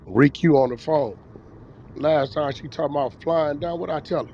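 A man's voice: a little high, moderate pace, vocal fry, darkish tone, highs cut off, a little hiss or hum. A man hosting a casual, profane group chat and telling stories in a brash, laughing way. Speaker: host.

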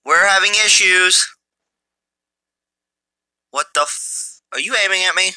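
A man giving mobile gameplay commentary through a phone's built-in mic, excitable and jokey, taunting his enemies. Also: high-pitched, slow pace, smooth, no room sound. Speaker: gamer.

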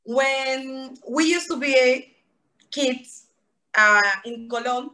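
A woman from Panama speaks English with a Panamanian Spanish accent, sometimes choosing unusual phrasing. She sounds enthusiastic, with a slightly high, bright and forceful voice. She is talking over a video call. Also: extremely slow. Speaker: human rights advocate. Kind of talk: casual video-call interview.

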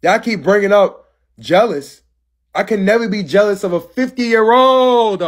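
A man's voice: high-pitched, a little slow. A man in his twenties ranting casually on a live stream, brash and profane, calling someone out with sass. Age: 20s.

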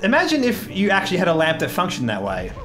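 A man's voice: sits high, huge pitch swings, fast, soft background music. A young man, chatting playfully and giggling while playing a game with a friend. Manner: playful, giggly, exclaims loudly. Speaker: let's-play host. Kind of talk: casual gameplay chat.

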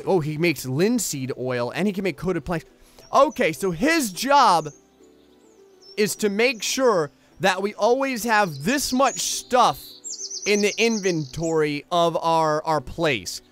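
A young man giving casual commentary on a building game he is playing, excitable and jumping between mumbled asides and loud exclamations. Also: high-pitched. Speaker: gameplay YouTuber.

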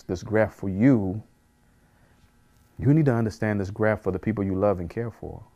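A man's voice: deep voice, warm tone. A man, a pastor, teaching a Bible study in an earnest way, repeating phrases for emphasis and chuckling at himself.

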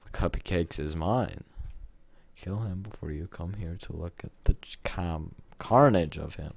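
A man doing gaming commentary, excitable, yelping and shouting at what happens in the game. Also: low voice, a little slow, vocal fry. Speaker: let's play gamer.

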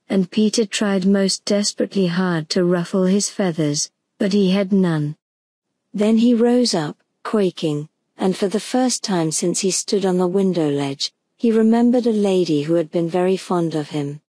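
A woman's voice: mid-range voice, no room sound. Soothing woman reading a bedtime story. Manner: slow, soothing, even. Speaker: audiobook narrator.

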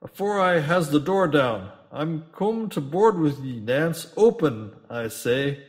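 Rough drunken old sea captain, read aloud by a man, bellowing, gruff, storybook sailor talk. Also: medium pitch, measured pace, natural voice. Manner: loud gruff bellowing, old seafaring dialect.

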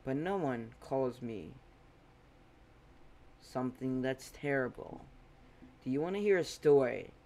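A man voicing a brooding, smug teenage vigilante in a bat suit, speaking loud, slow and menacing. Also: medium pitch, lively intonation, a little hiss or hum. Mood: commanding.

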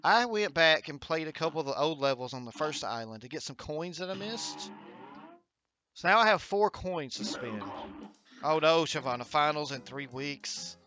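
Bright-voiced upbeat male streamer. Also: fairly high pitch, lively intonation, normal speed, soft background music. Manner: upbeat, chatty, encouraging. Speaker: gaming livestream host. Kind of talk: casual livestream chat, reading viewer comments. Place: home streaming setup with green screen.

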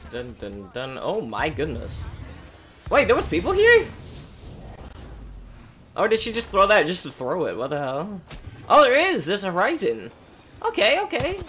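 A man's voice: sits high, normal speed, long pauses, slight background noise. A man giving live commentary over his own gameplay, taunting opponents and talking to himself as he plays. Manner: animated, taunts enemies, talks to himself. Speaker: gaming streamer.

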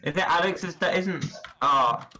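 A man's voice: a little high, unhurried, sharp tone. Teasing man on a noisy voice chat. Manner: teasing, joking. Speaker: friend on voice chat. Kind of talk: casual gaming chat.

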